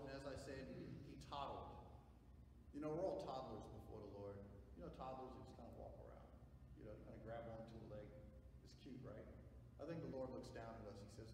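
A man preaching a sermon as pastor, moving between quiet, intimate passages and loud, drawn-out emphatic peaks. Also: mid-range voice, slight background noise. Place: church sanctuary. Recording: echoey church from a distance.

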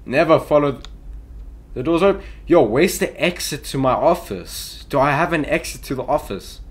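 A man's voice: a little high, expressive, normal speed. A young man commentating as he plays a horror game, chatty and easily startled, yelping at scares. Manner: jumpy, yelps and shouts at scares, says "yo" a lot. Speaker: gaming youtuber.

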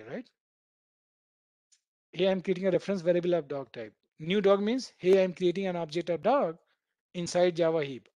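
A man teaches a live programming class in a fairly high voice. He talks students through each idea with homely comparisons and keeps asking "right?" to make sure they follow. The sound is close and dry, with no room around it. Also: a little mellow, no echo. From India. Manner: keeps checking in with "right?", explains by everyday analogies. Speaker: programming instructor. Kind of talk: live online coding class.

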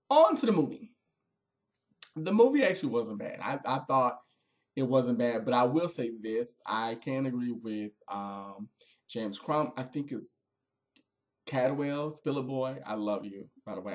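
A man chatting through a casual spoken review of a TV movie, expressive and chatty, with frequent fillers. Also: mid-range voice.

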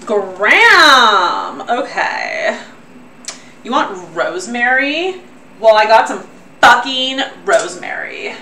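A woman's voice: on the high side, expressive, takes it slowly, a bit bright. A young woman from Southern California with a Southern California accent, chatting casually with her stream while she cooks and swearing freely. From Orange County, Southern California. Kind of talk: casual cooking livestream. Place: home kitchen. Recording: roomy kitchen, mic a bit far, faint noise.

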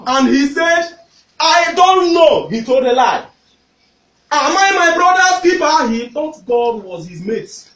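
Fervent Nigerian preacher, high and echoey. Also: male voice, big pitch swings, takes it slowly. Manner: fervent, shouting at climaxes, repeats phrases. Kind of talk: sermon. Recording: echoey, distant hall recording.

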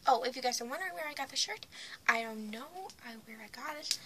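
A woman's voice: sits high, lively intonation, fast, a little hiss or hum. A young woman vlogger casually telling a personal story to the camera, blunt, often dropping to a whisper. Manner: blunt, retelling with swings in loudness.

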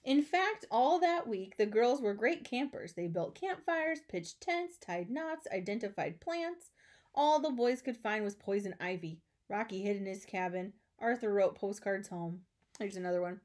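A woman teacher reading a children's storybook aloud, expressive with chatty asides. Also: medium pitch, measured pace.

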